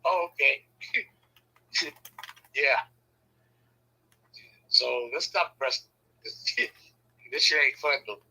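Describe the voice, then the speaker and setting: Husky, bright-voiced man telling stories. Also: drawn-out words, pauses often, low-quality recording. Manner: animated, laughs often, acts out quoted lines with sudden high shouts; profane, loose everyday speech. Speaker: storyteller in a casual conversation. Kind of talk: casual chat.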